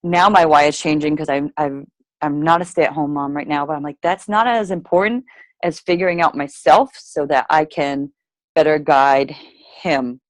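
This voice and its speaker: Young woman, low voice, chatty testimony, lots of "like", dry close recording. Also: normal speed, dry recording. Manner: chatty, lots of "like", acts out own quotes. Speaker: guest sharing fitness story. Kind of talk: casual personal testimony.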